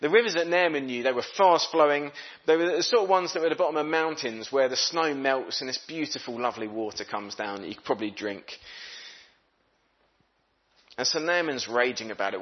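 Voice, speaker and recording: A man giving a sermon in a relaxed, conversational manner, reading verses and speaking characters' thoughts aloud. His voice sits at an ordinary middle pitch. The recording is a little dull and muffled. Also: fairly quick. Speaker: preacher.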